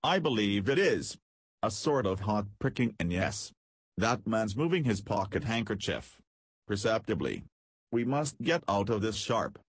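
Man voicing a husky, excitable scientist. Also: on the low side, measured pace, dry recording, clean studio sound, exaggerated voice. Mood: alarmed. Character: impulsive, boyish male scientist.

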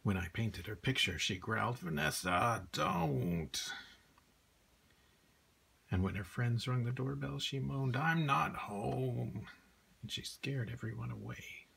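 A man in a Santa persona reading a children's picture book aloud, soft and often half-whispered. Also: medium pitch, steady tone, normal speed, creaky, few pauses, breathy edge. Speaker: storyteller playing Santa.

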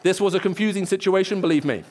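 Fast and high-pitched yet somewhat dark in tone, an Englishman preaches in church. He spins stories and acts out lines of dialogue with distinct voices.

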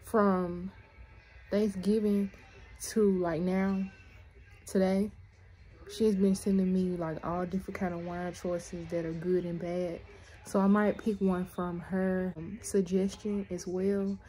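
A woman's voice: on the low side, flat delivery, slow, mellow. A young woman in casual vlog chat, talking straight to her viewers in a chatty, filler-heavy way. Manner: chatty, addresses viewers directly, frequent fillers. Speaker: vlogger.

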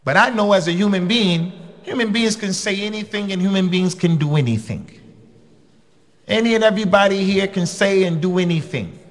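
A man giving a religious lecture as a preacher, talking bluntly and conversationally with sudden emphatic jumps in pitch. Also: normal speed. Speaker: preacher and khatib. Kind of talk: lecture to a congregation.

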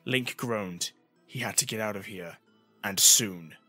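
A man narrating a fantasy audiobook in an expressive storytelling manner. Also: on the low side, moderate pace, no room sound, soft background music.

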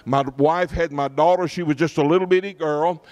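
Pastor, middle-aged man, folksy storytelling sermon with frequent asides to the congregation, a touch higher-pitched than most men. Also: steady tone, a little fast, darkish tone. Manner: folksy preacher, checks in with the congregation often.

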